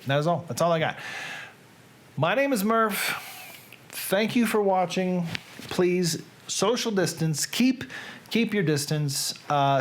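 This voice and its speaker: A man with a Southern accent talks to his live stream audience in chatty, self-deprecating asides. He reads poetry slowly and theatrically, stretching words and leaving long pauses. His voice sits a little high for a man, and his delivery is unhurried. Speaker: live stream host reading aloud. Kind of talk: casual live stream chat and slow dramatic poetry reading.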